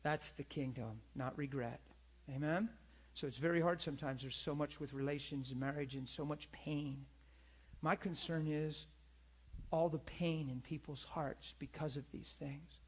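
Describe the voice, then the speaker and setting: A man's voice: fairly high pitch, fairly even intonation, unhurried, slightly rough. A man preaching a sermon in a conversational, earnest way, often calling for agreement. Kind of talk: sermon with personal story.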